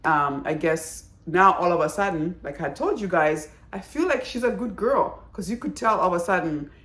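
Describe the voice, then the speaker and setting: A woman's voice: lowish voice, normal speed. Chatty woman in an echoey room. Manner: chatty, animated, exclaiming. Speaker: drama reviewer. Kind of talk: casual video review.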